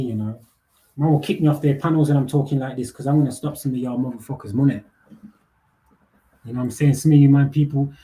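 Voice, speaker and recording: A man's voice: mid-range voice, warm tone. A young man, hosting a live panel and ranting bluntly with heavy swearing, street slang and repeated words. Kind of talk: casual rant.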